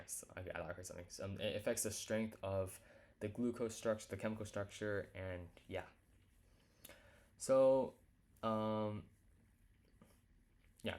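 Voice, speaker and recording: Male teacher, very low voice, casual lecture, stumbles and corrects himself often. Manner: halting, full of fillers and self-corrections.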